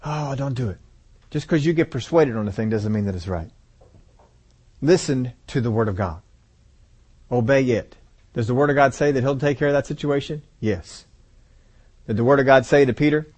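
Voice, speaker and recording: A man's voice: mid-range voice, a little fast, pauses often, darkish tone. A man preaching a sermon, asking the congregation rhetorical questions and repeating phrases for emphasis.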